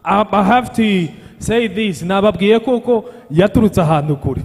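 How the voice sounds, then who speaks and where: A man's voice: high-pitched, normal speed, darkish tone. A man hosting a youth conference, introducing the next speaker and switching between languages. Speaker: event host. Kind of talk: bilingual emcee announcing. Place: large conference hall. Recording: echoey hall, long reverb.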